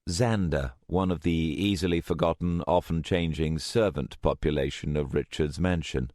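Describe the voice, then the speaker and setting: A man narrating an urban fantasy audiobook in a steady, even manner. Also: a bass voice, normal speed, no echo. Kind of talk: scripted narration. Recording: dry close studio sound.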